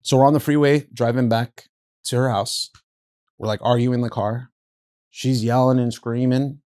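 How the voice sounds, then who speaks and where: A man hosting a podcast, telling a story animatedly, acting out quotes with big jumps in pitch and laughing through it. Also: steady tone, normal speed, mellow, no room sound, clean studio sound. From Southern California. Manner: laughs through his stories, says "bro". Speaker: podcast host. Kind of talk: casual storytelling.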